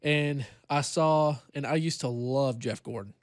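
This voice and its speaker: Relaxed young man, dry sound. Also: medium pitch, no echo. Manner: relaxed, halting storyteller. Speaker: co-host. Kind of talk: casual chat.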